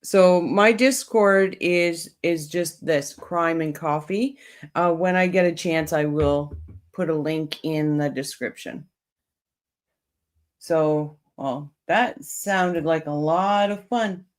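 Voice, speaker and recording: A woman's voice: low-pitched, takes it slowly. A woman hosting a true crime livestream, chatting casually with viewers and reading their comments while coming down with a cold.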